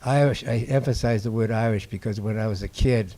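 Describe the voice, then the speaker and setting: An older man from Boston, a documentary filmmaker telling stories to an audience in a halting, unhurried way. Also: fairly low pitch, steady tone, mellow. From Boston, USA. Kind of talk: anecdotal talk to an audience. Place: indoor screening before an audience.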